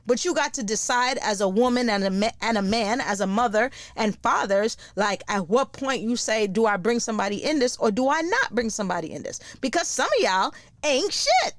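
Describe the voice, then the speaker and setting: A woman, hosting a podcast in a blunt, profane, animated casual monologue. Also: a little high, dry recording, clean studio sound. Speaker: podcast host.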